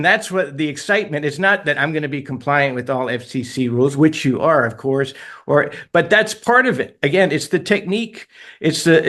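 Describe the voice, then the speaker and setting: A middle-aged man, an author guest on a radio interview, telling stories animatedly and laughing at himself. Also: on the high side. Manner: animated, tells stories with self-deprecating laughs.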